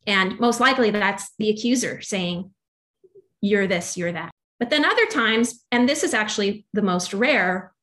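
A young adult woman, a musician guest, talking through faith and doubt in a loose, rambling way full of fillers. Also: mid-range voice. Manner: rambling, filler-heavy, animated. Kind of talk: casual faith conversation.

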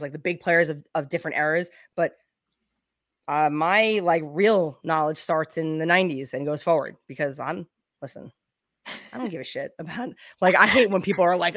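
A woman's voice: sits low, normal speed, fairly bright tone, no room sound, studio quality. A woman hosting a podcast, talking bluntly and opinionated with lots of swearing. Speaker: podcast host. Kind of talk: casual chat.

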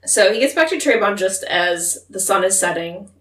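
A woman talks through a book with a friend in a relaxed, chatty way, slipping into characters' voices as she retells scenes. Her voice sits a little back from the microphone in a roomy, echoing space. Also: mid-range voice, moderate pace, distant mic. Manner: chatty recapping, acts out characters' lines with laughter. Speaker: podcast co-host. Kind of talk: casual book discussion. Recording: roomy echo, voice set back from mic.

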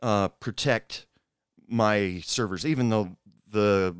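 Brief: middle-aged man, smooth low voice, dry close sound, rambling personal storyteller. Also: no echo. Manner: rambling, halting, with frequent asides. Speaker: former bartender telling stories.

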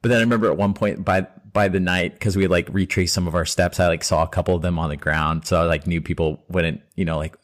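A man hosting an interview podcast, chatting in a relaxed way, telling a story from his own life and asking questions. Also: low-pitched, fast, hardly any pauses. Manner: relaxed, conversational, many fillers. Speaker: podcast host. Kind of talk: casual interview chat.

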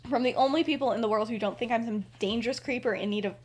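An upset teenage boy confronting his parents in a heated, rushed outburst, quoted by a young woman telling the story. The voice sits slightly high and comes out fast and heated in a casual storytelling podcast. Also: darkish tone, slightly rough.

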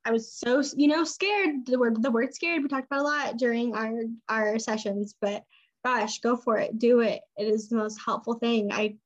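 A woman's voice: fairly high pitch, fairly even intonation, moderate pace. A woman who owns an esthetics business, chatting casually as an interview guest and talking with many "like" and "I mean" fillers. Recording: dull lo-fi sound.

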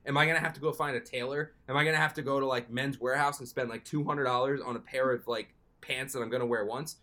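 Bright-voiced young man telling a story. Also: mid-range voice, quick pace. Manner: animated, jumps into excited quoted self-talk. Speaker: podcast co-host. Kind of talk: casual storytelling.

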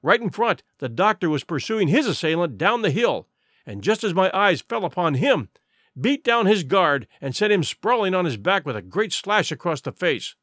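A man's voice: high-pitched, very animated, normal speed, fairly bright tone, no room sound, clean studio sound. A man narrating an adventure audiobook in a vivid, dramatic storytelling manner.

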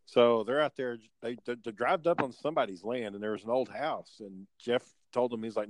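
A man's voice: medium pitch, brisk, hardly any pauses, dry recording. A man telling a story in casual chat, laid-back and rambling, swearing and using lots of fillers.

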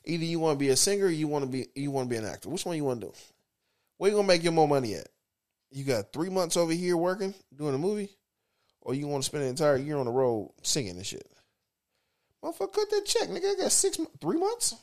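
A man with a Southern US accent co-hosting a casual podcast, profane and animated, acting out imagined quotes. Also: fairly high pitch, fast. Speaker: podcast co-host. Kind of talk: casual chat.

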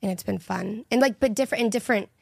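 A woman's voice: mid-range voice, quick pace, vocal fry, slightly rough, dry recording, clean studio sound. A young woman from Texas, a podcast guest chatting casually and teasing the hosts. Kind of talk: casual chat.

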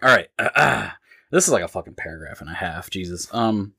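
A man's voice: low voice, expressive, normal speed, creaky, sharp tone, slightly rough. A young man co-hosting a podcast in casual, joking chat, swearing freely. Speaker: podcast co-host.

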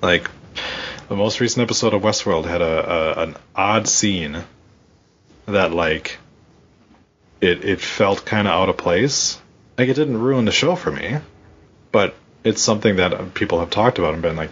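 A man's voice: low-pitched, moderate pace, muffled recording, a little hiss or hum. A man co-hosting a casual podcast, ranting and swearing a lot as he talks. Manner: profane, ranting, animated. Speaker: podcast co-host. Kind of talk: casual wrestling podcast chat.

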